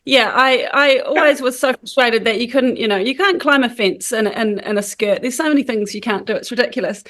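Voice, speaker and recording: Nz woman on a podcast, high voice, chatty, lots of ums. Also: a little fast. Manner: chatty, animated, many fillers. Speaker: guest, founder of a support group. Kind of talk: casual podcast conversation.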